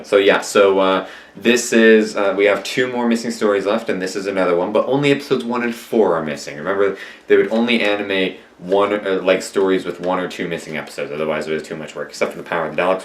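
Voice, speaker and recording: A man's voice: low-pitched, fairly bright tone, slight background noise. A man chatting casually at home as he reviews an old TV story, rambling and full of restarts. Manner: swaps swear words for mild substitutes. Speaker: classic TV reviewer. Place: at home, indoors.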